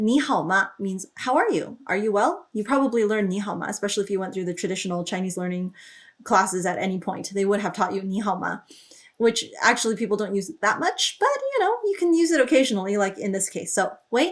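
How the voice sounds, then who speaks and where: A woman explaining song lyrics as a language teacher, thinking aloud with small fillers and lifting her voice when she reads out each lyric line. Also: medium pitch. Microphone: studio microphone.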